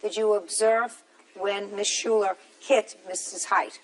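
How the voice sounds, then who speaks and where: An older woman judge with a mid-range voice runs her courtroom with brisk, blunt questions. She cuts to the point and gives orders without hesitation. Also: medium pitch, steady tone, poor audio.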